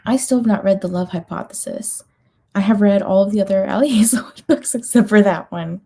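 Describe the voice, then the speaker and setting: A woman's voice: mid-range voice, a little fast, creaky, warm tone, breathy edge. A woman hosting a livestream, chatting casually and reading out viewer comments, sleepy and yawning, with many ums and little laughs. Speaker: livestream host of reading sprints.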